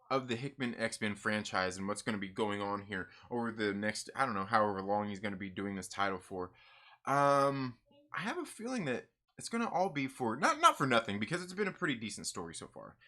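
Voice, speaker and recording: A man hosting a comics live stream in a loose, animated way, often repeating himself. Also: medium pitch. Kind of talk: casual live stream chat.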